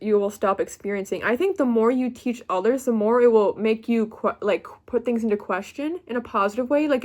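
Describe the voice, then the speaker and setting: A young woman giving a pick-a-card tarot reading, chatty and excitable, often breaking off mid-word. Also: fairly high pitch. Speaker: tarot reader.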